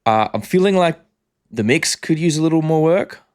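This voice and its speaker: A man's voice: on the high side, expressive, moderate pace, darkish tone, clean tone. A young Australian man hosting a casual music reaction chat, talking frankly and repeating phrases.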